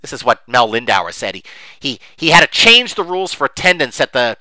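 A man's voice: medium pitch, very animated, fairly quick, pushed and bright, dry recording. A middle-aged man giving an unscripted, emphatic monologue on investing, rambling with many fillers. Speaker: investing commentator.

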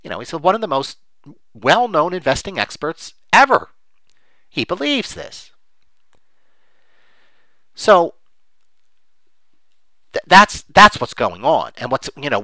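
Animated man mocking quoted views. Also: medium pitch, dry recording. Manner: animated, mocks opposing views in quoted voices, many fillers. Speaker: investing commentator. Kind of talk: unscripted spoken commentary.

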